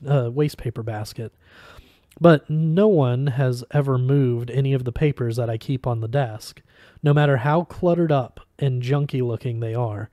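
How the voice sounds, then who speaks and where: A man reading a story aloud in a relaxed, casual way, now and then stumbling and starting a phrase over. His voice is mellow and dark. The recording is close and dry. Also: mid-range voice, no room sound. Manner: casual reading with small slips and restarts. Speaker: audiobook reader.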